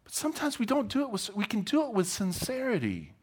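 This male pastor talks fast in a high-pitched voice with a breathy edge, preaching conversationally and casually. He brings his stories to life by acting out the voices of the people in them.

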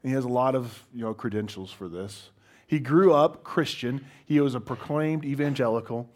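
A man's voice: medium pitch, darkish tone. A man, a pastor, giving a conversational sermon to a congregation, with wry self-deprecating humor and frequent restarts.

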